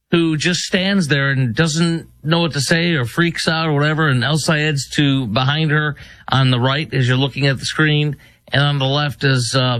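Guy hosting a commentary show, kinda high voice, mocking, dry close sound. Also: fairly bright tone, no echo. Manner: mocking, talks over clips and laughs. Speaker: show host. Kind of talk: casual political commentary over clips.

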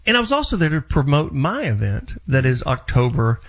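A man's voice: on the high side, very animated. A man hosting a talk show, eagerly promoting an event and introducing his guest. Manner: eager, promotional, rushes at times. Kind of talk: casual talk show chat.

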